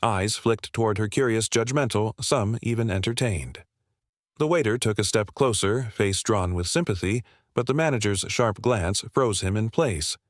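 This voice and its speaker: A man narrates a dramatic story in a low, steady voice. His delivery is even and measured, like a scripted reading. The recording is dry and close, with no room sound. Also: dry recording.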